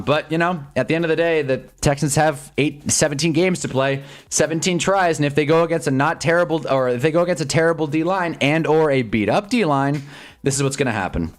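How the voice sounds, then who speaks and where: A man streaming live sports commentary who swings between loud yelps and low mutters and chats with his viewers' comments. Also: expressive, brisk. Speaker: streamer hosting a live game watch-along.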